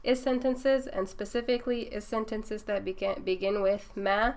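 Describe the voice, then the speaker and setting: A woman explains grammar rules to a learner in a patient, steady teaching voice. Her tone has a slight gravelly edge. She checks in often to make sure the student follows. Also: medium pitch, moderate pace. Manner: patient, checks understanding with "right?".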